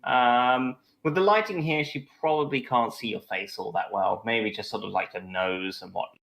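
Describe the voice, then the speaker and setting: A man's voice: medium pitch, moderate pace, gravelly, fairly bright tone. A man narrating a tabletop game as game master, hesitant and full of fillers. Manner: hesitant, many fillers and "sort of".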